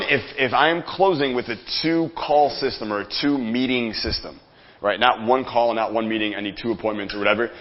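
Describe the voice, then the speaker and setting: A man leads a seminar room, teaching how to close sales with lively energy and quick jokes for his audience. His voice sits in a middling range. The recording is dull and lo-fi. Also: mid-range voice. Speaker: sales coach. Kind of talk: live workshop teaching.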